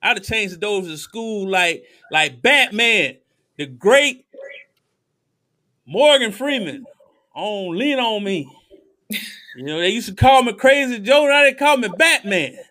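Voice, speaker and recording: A man co-hosting a podcast in casual chat, animated, slangy and jokey. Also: high-pitched, slow, pauses often. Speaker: podcast co-host.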